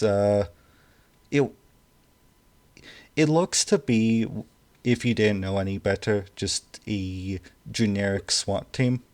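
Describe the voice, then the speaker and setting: A man narrating a tabletop game as game master, halting and full of fillers. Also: fairly low pitch, a little mellow.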